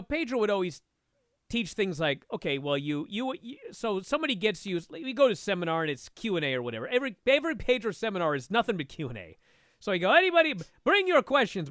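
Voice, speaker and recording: A man talking as a guest and instructor, telling a story in a casual, animated way and swearing freely. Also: high-pitched, dry recording, clean studio sound. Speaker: podcast guest, martial arts instructor.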